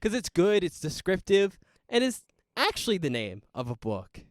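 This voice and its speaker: A man's voice: high voice, moderate pace, no echo. Chatty man on a dry podcast mic. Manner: chatty, animated, laughs often. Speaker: podcast co-host. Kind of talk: casual movie chat.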